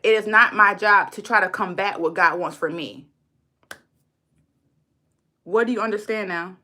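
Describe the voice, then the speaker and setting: In an unhurried, sharp-toned voice of medium pitch, a woman vents to her livestream audience without a script. She talks bluntly and heatedly, cursing and restating her words for emphasis.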